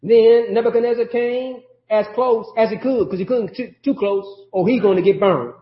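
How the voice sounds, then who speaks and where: High-voiced preacher in a roomy church. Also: male voice, moderate pace. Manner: conversational preaching with call-outs and laughter. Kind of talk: sermon. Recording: roomy, dull lo-fi sermon audio.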